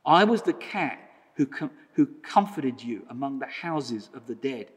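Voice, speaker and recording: A man voicing a calm, commanding male lion while reading a storybook aloud, in a solemn, emphatic manner. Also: a little high, slightly rough, voice pushed up. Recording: long reverb of a church hall.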